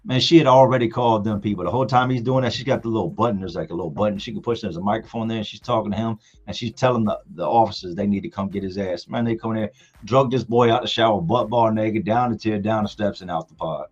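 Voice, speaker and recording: A man's voice: fairly low pitch, quick pace, dull audio. A man hosting a livestream, telling stories casually with slang and acting out other people's lines. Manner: animated storyteller, slangy, acts out others' lines. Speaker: livestream host.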